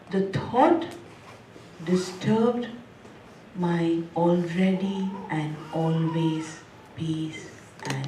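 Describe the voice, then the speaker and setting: A woman's voice: low voice, dark tone, slight background noise. A woman gives a spiritual talk, chatty and playful, laughing often and repeating words rhythmically. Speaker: spiritual teacher. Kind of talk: spiritual discourse with humor. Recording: echoey hall, mic at a distance.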